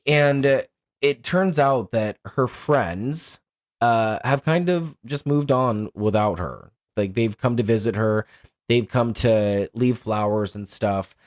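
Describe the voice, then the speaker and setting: A man co-hosting a podcast, recapping a film plot in a casual, animated way and laughing often. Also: mid-range voice, slow pace, no echo, studio quality. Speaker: podcast co-host. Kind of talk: casual film review chat.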